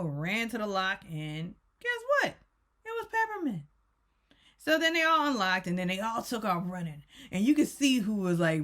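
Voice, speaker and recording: A woman's voice: fairly low pitch, sharp tone. A woman YouTuber giving a casual, rambling recap rant and often correcting herself. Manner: rambling, self-correcting, chatty. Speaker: YouTube reviewer.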